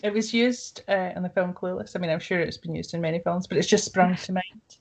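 A woman's voice: on the low side, fairly even intonation, gravelly, darkish tone, rough recording. Chatty giggly woman podcaster. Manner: giggly, chatty, quick to laugh. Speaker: podcast co-host. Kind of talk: casual chat.

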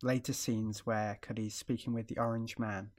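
A man's voice: lowish voice, little pitch movement, normal speed, a little mellow. A man chatting casually about a TV show, thoughtful and hedging as he searches for words. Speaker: podcast co-host.

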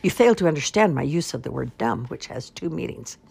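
A woman's voice: sits low, lively intonation, fairly quick, creaky, a little mellow, a little hiss or hum, full character voice. A woman voicing a pompous, long-winded male swan father who makes grand, flowery speeches in a storybook reading. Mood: lecturing.

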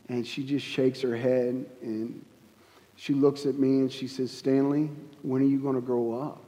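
A man's voice: medium pitch, flat delivery, warm tone. Man telling his testimony in a big echoing hall. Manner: halting, earnest storytelling with many restarts. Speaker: guest speaker giving testimony. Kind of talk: personal testimony at a church service.

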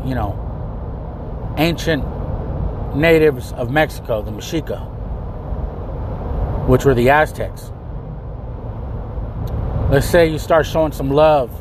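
A man's voice: medium pitch, noisy background. A man hosting his own podcast episode alone, talking bluntly and emphatically, repeating his points and swearing freely. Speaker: podcast host. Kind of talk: solo commentary.

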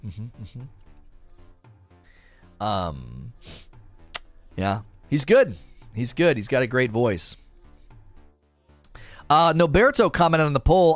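A man chatting casually on a livestream, rambling and animated as he reads chat aloud. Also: medium pitch, slow pace, pauses often, no room sound, faint music behind. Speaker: streamer reading chat.

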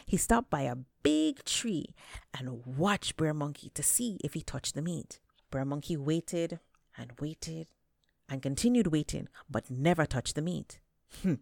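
A woman telling folktales aloud, animated and dramatic, stretching words for effect. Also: low voice, unhurried, creaky, dry recording, studio quality. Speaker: storyteller. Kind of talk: folktale storytelling.

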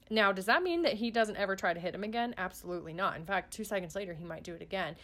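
A woman's voice: lowish voice, fast, few pauses, fairly bright tone. A woman who is a parent, talking in a casual, earnest way with many fillers and restarts. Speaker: parent guest on a podcast. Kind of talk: casual chat.

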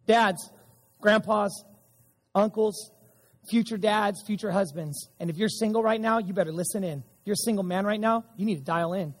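A middle-aged male pastor with a high-pitched voice preaches an emphatic sermon at normal speed. He repeats lines and calls back and forth with the congregation. The church sanctuary gives a long reverb.

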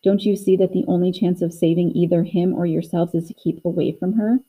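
A woman's voice: on the low side, steady tone, mellow, slightly rough, poor audio. A woman voicing Missus Beaver, a practical, motherly talking beaver who reasons things through. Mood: urgent. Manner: brisk, reasoning.

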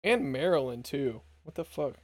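A man's voice: mid-range voice, expressive, moderate pace, darkish tone, dry recording, clean studio sound. A man quizzing his co-host in casual podcast chat, joking and swearing freely. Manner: profane, joking quizmaster.

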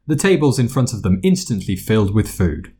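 A man narrating a story aloud, expressive and doing voices for the characters. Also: lowish voice, brisk, slightly rough. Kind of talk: fan fiction reading.

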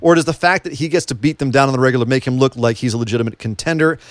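A man with a mid-range voice talks very fast on a dry recording while co-hosting a casual wrestling podcast. He's chatty and jokey, firing off plenty of questions.

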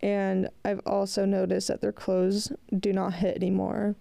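Raspy young woman with a head cold. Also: mid-range voice, completely flat delivery, unhurried, warm tone, no echo. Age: 20s. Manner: rambling, chatty, frequent "like" fillers, laughs often. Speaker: podcast host. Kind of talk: casual solo podcast chat.

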